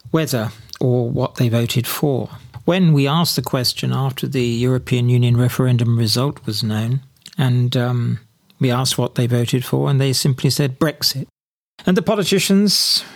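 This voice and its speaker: A British man with a medium-pitched voice gives spoken political commentary in a sardonic tone. He mocks opponents by quoting them in put-on voices, with some slips and repeated words.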